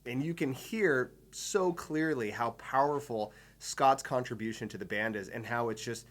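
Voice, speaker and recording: A man's voice: mid-range voice, moderate pace, a bit bright. A man giving a drum lesson, explaining patterns step by step with enthusiasm and counting beats aloud. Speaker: drum teacher. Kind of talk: instructional video lesson.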